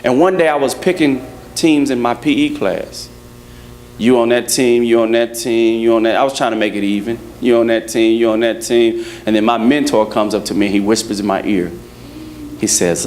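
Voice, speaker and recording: A man preaching a lively sermon to his congregation, joking and acting out little scenes as he goes. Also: mid-range voice, moderate pace, a little hiss or hum. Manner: playful, acts out quotes, laughs with congregation. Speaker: pastor. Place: church service.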